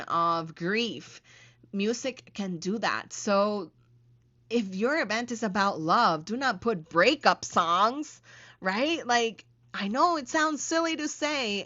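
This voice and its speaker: A woman hosting a solo talk on planning events, teaching in an animated, emphatic way with playful asides. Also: mid-range voice, lo-fi sound. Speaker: podcast host and event coach.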